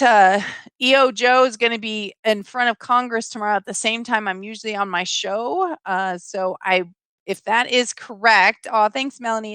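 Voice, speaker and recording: Middle-aged woman host, higher voice, earnest and pleading, dry close mic. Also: a bit bright, dry recording. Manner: earnest, pleading, reads viewer comments aloud. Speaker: live stream host. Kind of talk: emotional live stream chat.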